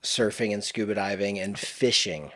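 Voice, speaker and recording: A man from the Gulf Coast, a podcast guest talking in a relaxed way and describing things vividly. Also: on the low side, normal speed. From US Gulf Coast, Marine Corps family. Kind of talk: casual conversation.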